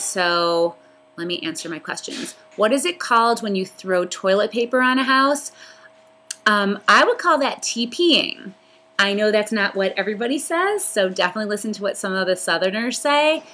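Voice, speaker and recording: A woman's voice: mid-range voice, bright, forceful tone. A woman with a Western New York accent touched by New Orleans, chatting casually and reading a word list in a rambling way with many ums. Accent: Western New York with some Southern New Orleans influence. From upstate New York. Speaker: vlogger. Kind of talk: casual accent tag video.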